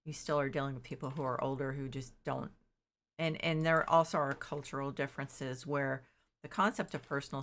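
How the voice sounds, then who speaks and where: A middle-aged woman streamer chats casually while gaming, rambling, interrupting herself, and quoting her own exaggerated disbelief. Her voice is extremely low in pitch, and there's slight background noise.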